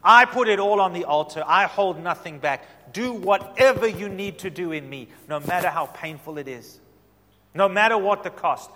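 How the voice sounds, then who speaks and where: A man's voice: sits high, moderate pace. Impassioned male preacher in a reverberant hall. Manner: impassioned preaching, swinging from loud to soft. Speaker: pastor. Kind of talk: sermon.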